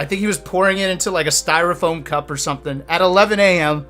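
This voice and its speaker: A man with a high, bright voice tells stories in a loose, casual way. He acts out his friends' lines in quick, animated bursts. Faint music plays under him. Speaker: streamer telling stories. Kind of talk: casual storytelling.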